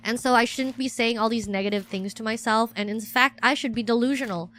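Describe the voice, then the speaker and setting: A woman's voice: fairly high pitch, steady tone, brisk, fairly bright tone. Rambling self-deprecating woman streamer. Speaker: VTuber streamer. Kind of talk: casual livestream chat.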